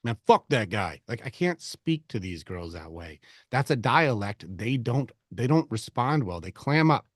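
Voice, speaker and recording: With a mid-range voice that runs a little slow yet barely pauses, this men's group host coaches casually, cursing freely and performing quoted voices with animation. The recording is studio quality with no echo.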